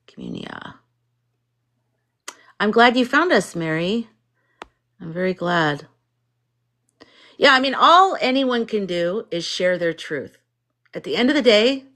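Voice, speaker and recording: A woman's voice: fairly low pitch, fairly bright tone. A woman hosting a casual spiritual livestream, talking chattily, laughing often and acting out what people say. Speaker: livestream host.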